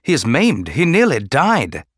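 A man voicing a troubled warrior-monk weighed down by grief and guilt, speaking in a respectful, restrained, quietly pleading way. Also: mid-range voice, wildly swooping pitch, a little slow, husky, no echo, clean studio sound, pitched above the performer's own voice, exaggerated voice.

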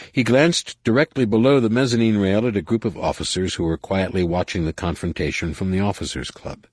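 Brief: male audiobook narrator, very low and husky, measured reading. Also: expressive, darkish tone, no room sound. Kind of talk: scripted narration.

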